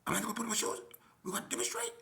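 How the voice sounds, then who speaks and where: A man putting on a groggy, squeaky high-voiced guy. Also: rapid-fire, vocal fry, echoey room, full character voice. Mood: agitated. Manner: high-pitched, excited.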